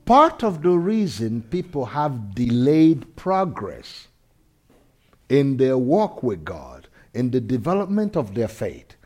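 A man preaching a sermon, animated, swinging from loud shouts to quiet intensity, laughing between lines. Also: medium pitch. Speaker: pastor.

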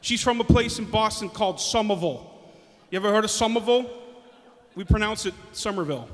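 A man's voice: high voice, expressive, fast, big-room sound. A man telling stand-up stories about his family in a rambling, hesitant way. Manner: rambling, hesitant, with many restarts. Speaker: comedian. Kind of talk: stand-up comedy storytelling.

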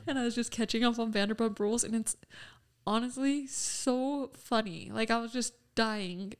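A woman's voice: on the high side, moderate pace, smooth. Chatty giggly young woman. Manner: chatty storyteller, giggly, many "like"s. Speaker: podcast co-host. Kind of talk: casual chat.

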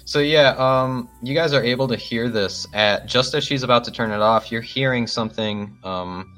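A man's voice: mid-range voice, moderate pace, a bit bright, faint music behind. A man narrating a tabletop role-playing game as game master, casual and full of fillers, over a video call.

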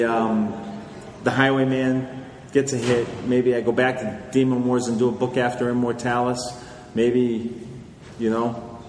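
A male author answering audience questions in a conversational, lecturing way, often checking in with "okay?". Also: medium pitch. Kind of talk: live Q&A talk. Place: large hall with audience. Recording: echoey hall, faint noise.

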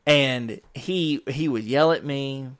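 A man's voice: mid-range voice, takes it slowly, no echo, clean studio sound. A man, a professional wrestler, telling rambling work stories in a casual monologue, acting out what others said. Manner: rambling, animated quoting of others.

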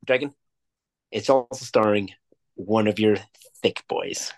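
A man's voice: lowish voice, unhurried, vocal fry. A man co-hosting a casual podcast, talking in a rambling, emphatic way with plenty of swearing. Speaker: podcast co-host. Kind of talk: casual chat.

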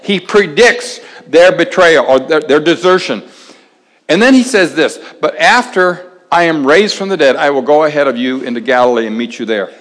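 A man preaching a sermon with a slightly raised pitch, talking to the congregation like a conversation. He slows down and drops almost to a hush to make a point. His voice rings with the long reverb of a big hall. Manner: conversational, dramatic pauses, drops to near-whisper for emphasis.

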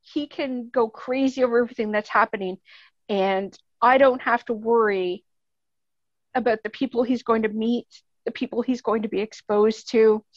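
A woman's voice: on the high side, no echo, lo-fi sound. A woman with a Canadian accent, speaking as a podcast guest in casual, earnest, rambling chat, laughing often.

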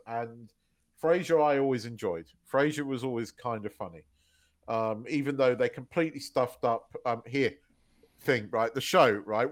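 A man from the UK co-hosting a podcast, rambling and swearing through casual chat. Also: mid-range voice. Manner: rambling, restarts, swears, laughs often. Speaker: podcast co-host.

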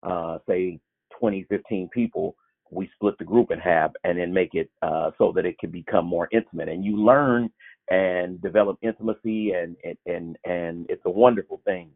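Man, gravelly, husky, halting Bible teaching, tinny phone-like sound. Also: deep voice. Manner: halting, many fillers and restarts. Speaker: small-group teacher.

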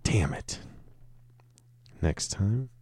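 A man's voice: on the low side, lively intonation, extremely slow, darkish tone, slightly rough. A man talking alone in an offhand, joking way, swearing a lot and tripping over his words. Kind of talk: casual off-the-cuff monologue.

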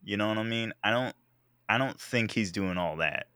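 A man's voice: on the low side, normal speed, pushed and bright, clear, resonant tone, no echo, clean studio sound. A man chatting casually about a show, joking and grumbling playfully. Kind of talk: casual chat.

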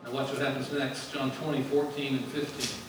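A man's voice: mid-range voice, flat delivery, brisk, heavy reverb, distant mic, background noise. A man giving a sermon in a conversational way, asking questions and answering them himself. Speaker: speaker at a ministry gathering.

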